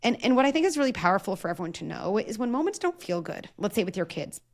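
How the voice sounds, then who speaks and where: Mulher animada de voz rouca. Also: female voice, medium pitch, fast. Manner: earnest, animated, acts out quoted lines. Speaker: parenting psychologist guest. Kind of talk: conversational interview.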